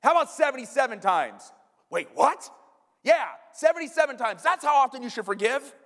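A man voicing Jesus with playful, mock-praising teasing in an exaggerated high sing-song. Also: lively intonation, very slow, creaky, long reverb tail, full character voice.

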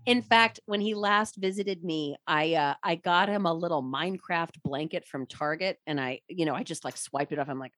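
A woman who narrates audiobooks, chatting as a podcast guest in an expressive, playful way. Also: lowish voice, moderate pace, few pauses. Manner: animated and expressive, with playful restarts. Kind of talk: casual podcast chat.

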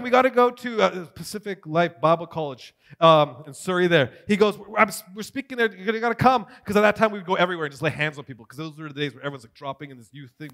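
A man giving a testimony sermon, telling his story with big swings between loud and hushed. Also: sits high. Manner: animated storytelling, swings from shouting to near whisper. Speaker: preacher.

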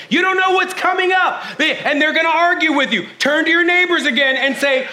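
A man's voice: extremely high pitch, expressive, quick pace, few pauses, pushed and bright. A man preaching a sermon in church, emphatic, calling his congregation "family" and urging them to turn to their neighbors. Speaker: pastor.

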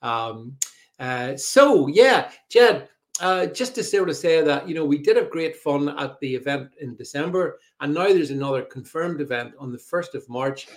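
A middle-aged man hosting a live podcast, chatting casually, reading out viewer comments and filling pauses with ums and uhs. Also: fairly high pitch, animated. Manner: chatty, reads out viewer comments, frequent fillers. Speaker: podcast host. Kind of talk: live podcast chat with co-host.

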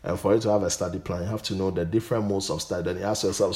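A pastor teaching a Bible study, often stopping to say "Amen". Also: male voice, deep voice, fairly even intonation, racing, hardly any pauses, a little mellow, echoey room. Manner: punctuates points with "Amen".

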